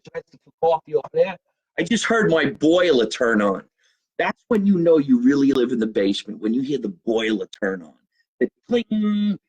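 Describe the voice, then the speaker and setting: A man's voice: medium pitch, a little mellow, low-quality recording. A middle-aged man with a New Jersey accent, a comedian hosting a loose, profane live stream from his home basement and joking with viewers. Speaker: comedian host. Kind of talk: casual live-stream chat.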